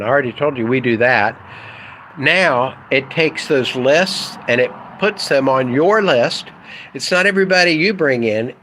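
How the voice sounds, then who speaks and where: A man who runs an internet marketing business, talking casually to camera in an excitable, blunt, rambling way with mild swearing. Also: mid-range voice, a little hiss or hum, poor audio.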